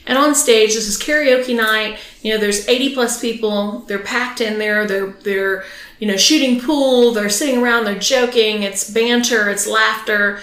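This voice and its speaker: A woman's voice: a little high, fairly even intonation, moderate pace, fairly bright tone. A woman hosting a podcast, telling a bawdy story in casual chat and laughing as she goes. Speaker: podcast host. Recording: roomy echo.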